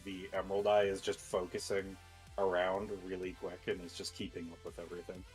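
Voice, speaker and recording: A man's voice: deep voice, level tone, fairly quick, soft background music, poor audio. A man playing a tabletop role-playing game, describing his character's actions in a rambling way with fillers. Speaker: player.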